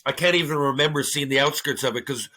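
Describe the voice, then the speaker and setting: Bright, animated ex-hockey storyteller man. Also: medium pitch, quick pace. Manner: animated, swearing, acting out his own reactions. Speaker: podcast guest, former hockey enforcer. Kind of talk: casual storytelling.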